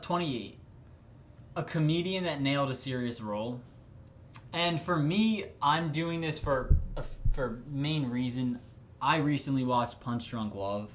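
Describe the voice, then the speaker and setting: A young man co-hosting a casual movie chat, animated, often repeating words as he restarts his point. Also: mid-range voice. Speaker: podcast co-host.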